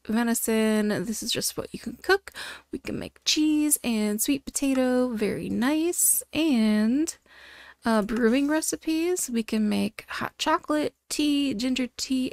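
Woman, gaming host, bubbly, chatty, fairly high voice, dry close mic. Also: dry recording. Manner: bubbly, gasping with delight, chatty. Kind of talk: excited gameplay commentary.

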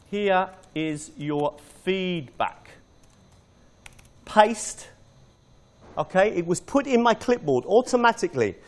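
A middle-aged British man, a teacher trainer, giving an informal step-by-step live demonstration of a teaching tool. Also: high-pitched. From Britain.

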